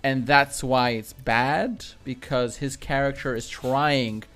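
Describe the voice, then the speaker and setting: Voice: mid-range voice, fairly even intonation, slow pace, fairly bright tone, soft background music. A podcast co-host chatting about a film, hesitant at times and laughing often. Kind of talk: casual chat.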